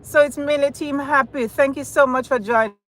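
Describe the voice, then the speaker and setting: A woman's voice: sits high, steady tone, fairly quick, fairly bright tone, rough recording. A woman with a Jamaican accent hosting a casual live stream from her car, talking straight to her viewers. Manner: chatty, addresses viewers directly. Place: in a car while driving. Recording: car and road noise.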